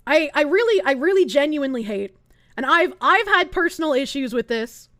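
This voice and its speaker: A woman's voice: high voice, expressive, moderate pace, fairly bright tone, no room sound, clean studio sound. A woman streamer ranting live in heated, sarcastic, profane commentary. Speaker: Twitch streamer.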